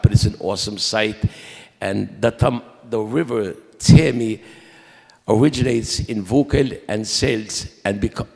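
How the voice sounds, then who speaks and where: A man with a low, gravelly voice recounts his family's story at a memorial service, speaking in a halting, conversational way. His words carry a long reverb through the church. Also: darkish tone. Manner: conversational, halting with restarts and quoted dialogue. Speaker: eulogy speaker at a memorial mass.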